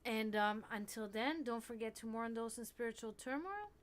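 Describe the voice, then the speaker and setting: A woman hosting a casual livestream, rambling with many restarts and fillers, sounding tired. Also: normal speed. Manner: high baby talk to her cats. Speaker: livestream host.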